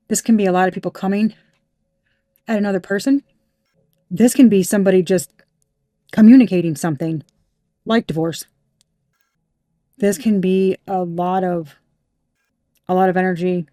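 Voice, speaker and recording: A woman's voice: on the low side, steady tone, moderate pace, pauses often, dark tone, no echo, studio quality. Heated, emphatic woman tarot reader. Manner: emphatic and heated, swearing freely. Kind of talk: tarot reading monologue.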